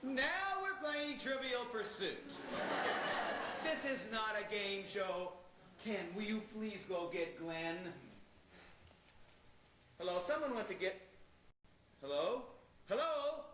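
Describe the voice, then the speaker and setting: A man's voice: high-pitched, animated, takes it slowly, pauses often, bright, forceful tone, heavily acted. An actor on stage playing a flustered, exasperated man who stammers while fielding phone calls. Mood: impatient. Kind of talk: live stage acting. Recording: roomy stage recording with background noise.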